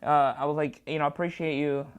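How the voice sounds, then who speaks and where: A slightly low-pitched woman spins a frantic anecdote in a studio, lurching between hushed asides and loud, high bursts as she plays every character in it. Her voice leaps up for quoted lines and sinks low when she describes her nerves. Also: steady tone, fast, clear, resonant tone. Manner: jumpy, acts out both sides of dialogue with big swings. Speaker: comedian guest. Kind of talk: animated anecdote storytelling.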